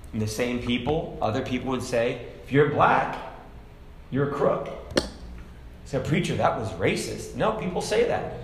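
A man preaching at a Bible study, animated, raising his voice for emphasis and reading scripture in old-fashioned wording. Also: mid-range voice. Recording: echoey room with faint background noise.

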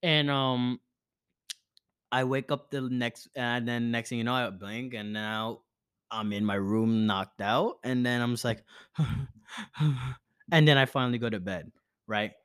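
A young man hosting a podcast, telling a party story in a casual, animated way, with lots of filler words and some swearing. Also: mid-range voice, normal speed, clear, resonant tone. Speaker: podcast host. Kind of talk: casual chat.

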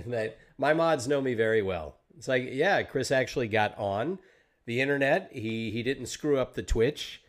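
A man hosts a relaxed livestream interview, talking over a video call. He jokes at his own expense and rambles in an easy way. His pitch sits in the middle range. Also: moderate pace. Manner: joking, self-deprecating, rambling. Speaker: podcast host and Twitch streamer. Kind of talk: casual interview chat.

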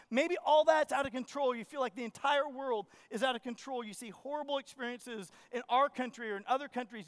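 A pastor preaching a sermon in church, telling stories with energy and questioning the congregation. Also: male voice, very high voice. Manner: animated storytelling, acts out his own panic.

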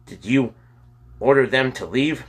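A man's voice: medium pitch, unhurried, husky, voice pushed up. A man voicing an angry, important-looking official in a storybook, snarling at children.

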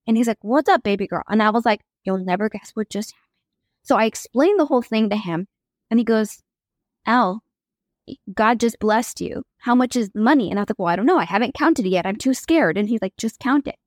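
A young woman shares a personal story of faith as a podcast guest, her voice sitting a little high. She talks animatedly and acts out what people said. The recording is dry and close, with no room sound. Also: animated, quick pace, dry recording.

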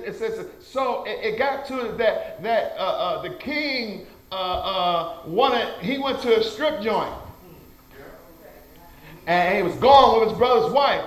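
This male preacher speaks at a measured pace, his high voice full of lively intonation. Recorded in an echoey church sanctuary, his call-and-response sermon is punctuated by frequent amens, folksy wording, and stammered restarts.

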